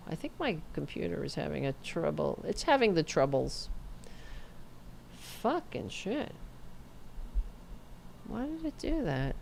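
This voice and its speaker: A middle-aged woman hosting a political commentary stream from her computer, profane and sarcastic. Her voice sits low but swings widely, from sharp jabs to weary asides. Faint noise sits under the desktop mic. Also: gravelly. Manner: profane, sarcastic, animated ranting. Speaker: host.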